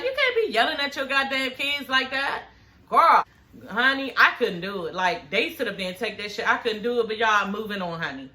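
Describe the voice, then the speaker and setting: A woman, giving a sassy, profane, animated recap of a reality show in casual chat. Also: sits high.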